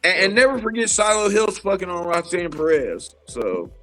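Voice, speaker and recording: A man co-hosting a casual wrestling chat show, talking in an animated, profane, rambling way. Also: high voice, normal speed, faint music behind, poor audio. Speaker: podcast co-host.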